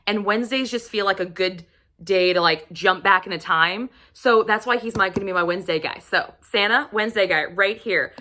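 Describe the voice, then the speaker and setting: A woman vlogger recommending romance books to camera, gushing and swearing freely, sometimes dropping into a breathy whisper. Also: mid-range voice, bright, forceful tone. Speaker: book reviewer. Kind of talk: casual book recommendation vlog.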